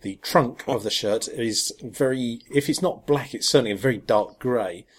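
A man's voice: mid-range voice, moderate pace, breathy edge. Man chatting about football shirts. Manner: hesitant, many ums and restarts, chuckling. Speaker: podcast co-host. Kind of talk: casual chat about football kits.

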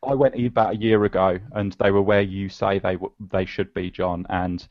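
A man's voice: deep voice, little pitch movement, normal speed. A man co-hosting a podcast, telling a story in casual, slightly wistful chat. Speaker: podcast co-host. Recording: dull lo-fi podcast audio.

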